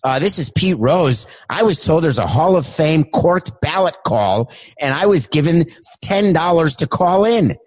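Guy doing a sheepish older ex-player, higher and a bit louder. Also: expressive, unhurried, long reverb tail. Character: sly older male ex-player calling in for money.

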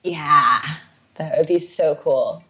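A woman co-hosting a podcast, chatting in a relaxed, unhurried way. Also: low-pitched, highs cut off. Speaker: podcast co-host. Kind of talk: casual chat.

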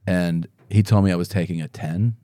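A man's voice: sits low, steady tone, normal speed, mellow, dry recording. A middle-aged man, a comedian guest, telling rambling stories in casual podcast chat and acting out what others said. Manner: rambling storytelling with quoted voices.

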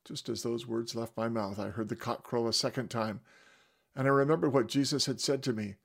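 A man's voice: mid-range voice, moderate pace, vocal fry, breathy edge. A man giving a dramatic first-person retelling of scripture, with varied emphasis. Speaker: storyteller.

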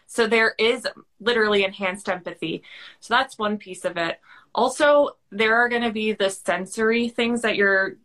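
A woman's voice: mid-range voice, normal speed, fairly bright tone. A woman guest on a podcast, explaining a topic in a chatty, earnest way, often using "like" as a filler. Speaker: guest expert on high sensitivity. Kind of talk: casual conversational explanation.

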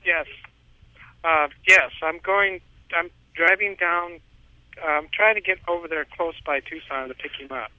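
A man's voice: fairly high pitch, a little slow, no room sound. Rambling man on a phone line. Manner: rambling storyteller, chuckles often. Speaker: caller. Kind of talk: phone-in radio call. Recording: tinny phone line, dry.

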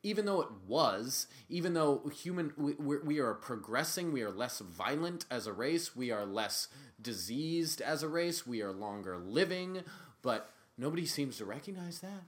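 A young man co-hosting a podcast in a loose, sarcastic way. He swings from sudden loud outbursts to quiet mumbles, with an ordinary mid-range voice. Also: mid-range voice, expressive, normal speed. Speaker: podcast co-host. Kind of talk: casual chat.

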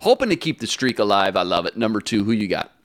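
A man co-hosting a sports talk show with hyped, joking energy. His pitch swings widely, and the sound is close and dry. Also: sing-song, fast, fairly bright tone, no room sound.

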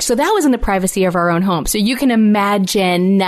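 Brief: woman, podcast host, chatty and quick to laugh. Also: mid-range voice. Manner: chatty and laughing, asks questions. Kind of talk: casual chat.

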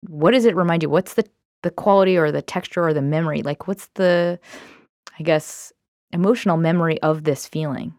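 A woman's voice: deep voice, fairly quick, darkish tone, no echo, studio quality. A woman giving casual, candid self-help advice on emotions, talking conversationally with frequent fillers.

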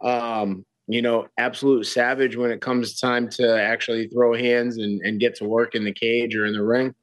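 A man's voice: medium pitch, level tone, moderate pace, no room sound, poor audio. A man talking casually as a guest, laid-back, with many fillers and restarts. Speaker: guest fighter. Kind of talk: casual chat.

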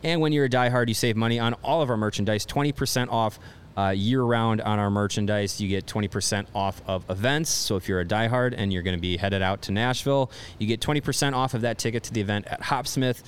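A man co-hosting a sports podcast in casual chat, talking loosely with lots of restarts and halting phrases. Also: fairly low pitch, a little hiss or hum. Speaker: podcast co-host.

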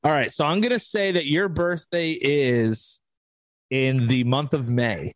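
A man's voice: medium pitch, unhurried, no room sound. A man in his twenties, co-hosting a podcast, telling a family story in a casual, rambling way and acting out the quotes. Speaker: podcast co-host.

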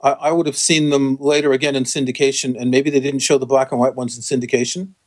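A man's voice: mid-range voice, level tone, fast talker, a little mellow. Guy cohost explaining stuff, lots of ums, kinda wry. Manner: explanatory, with fillers and restarts, wry. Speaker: co-host. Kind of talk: casual chat.

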